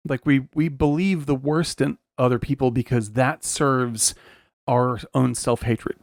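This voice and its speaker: A man co-hosting a film podcast, thinking out loud with frequent fillers and restarts. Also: mid-range voice, steady tone, a little slow, no room sound, studio quality. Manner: searching for words, many restarts and fillers. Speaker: podcast co-host. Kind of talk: casual film discussion.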